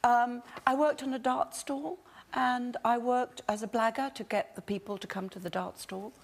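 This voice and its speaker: A woman's voice: a little high, normal speed. An older woman with an English accent telling a playful anecdote as a chat show guest. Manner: animated, playful storytelling. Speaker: guest, actress.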